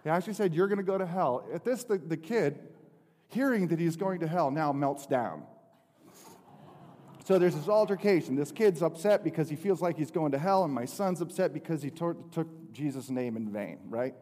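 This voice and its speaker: A middle-aged man preaching and telling a family story, with many restarts and lively swings in pitch. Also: moderate pace. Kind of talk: sermon. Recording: long hall reverb.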